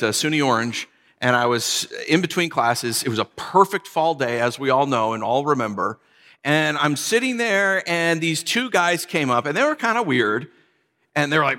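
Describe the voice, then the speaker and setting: Guy in his 40s preaching, chatty storyteller, bright edgy voice, big echoey hall. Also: mid-range voice, expressive, brisk. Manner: storytelling, conversational, dropping to quiet for sad moments. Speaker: pastor. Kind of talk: sermon.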